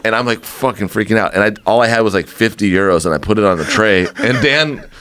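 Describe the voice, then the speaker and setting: A man, a podcast guest, telling a story in casual chat, animated and laughing, swearing and acting out quotes. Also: lowish voice, fast, no room sound.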